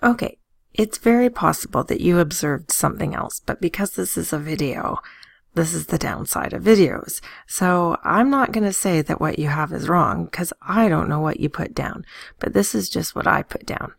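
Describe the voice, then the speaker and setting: Playful woman teacher, gravelly low voice. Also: lively intonation, normal speed, no echo, studio quality. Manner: playful, sings little tunes and jokes. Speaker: math teacher. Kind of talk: recorded classroom lesson.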